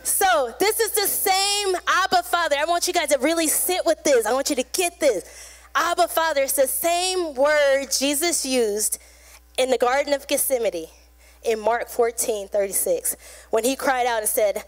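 High-voiced woman preaching casually. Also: moderate pace. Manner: casual, conversational preaching with acted quotes. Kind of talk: sermon.

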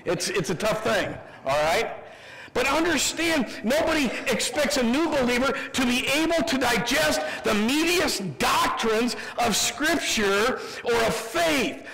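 Midwestern American male pastor, lively sermon delivery, gravelly edge, long church reverb. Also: very high-pitched. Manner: humorous, animated preaching with quick asides. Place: church sanctuary.

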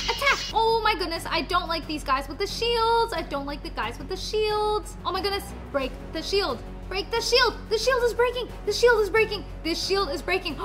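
Very high-pitched excitable young woman. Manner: excitable, repeats exclamations. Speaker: gaming host. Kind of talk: excited gameplay commentary. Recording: background music under voice.

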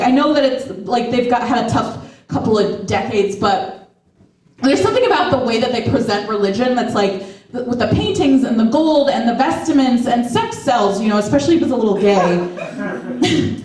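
A woman's voice: on the high side, animated, moderate pace, darkish tone. A woman in her thirties doing a chatty, self-deprecating stand-up set in the back room of a shop. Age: 30s. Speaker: stand-up comedian and host. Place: back room of a skate shop, live audience. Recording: echoey room, mic from far off.

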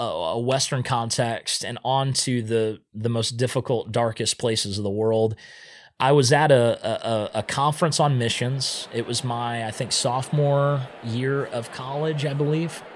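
Speaking at medium pitch, this man is a podcast guest recounting his own story. He is casual and animated, frequently re-enacting what he said back then.

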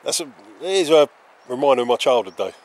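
A man's voice: mid-range voice, expressive, fast talker, darkish tone. A man chatting casually at a forest camp, swearing and laughing as he tells stories. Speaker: channel host.

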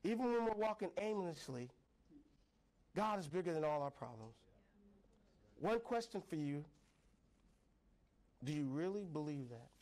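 High-voiced playful male preacher. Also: animated, measured pace, pauses often, a little mellow. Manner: playful, call-and-response, laughing often. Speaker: pastor. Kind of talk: sermon. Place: church sanctuary.

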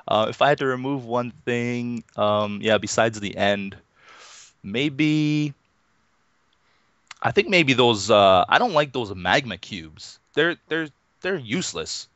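Over a muffled, dull lo-fi online call with a dry recording, a man in his thirties speaks slowly in a mid-range voice. He's a Minecraft YouTuber guesting on an interview show, relaxed and casual, chuckling softly and using many fillers and restarts.

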